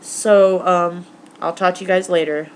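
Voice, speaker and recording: A woman's voice: fairly low pitch, steady tone, measured pace, slight background noise. A young woman recapping her week to camera in a casual vlog, rambling with lots of fillers. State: tearful, emotional; recovering from stomach flu. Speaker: vlogger.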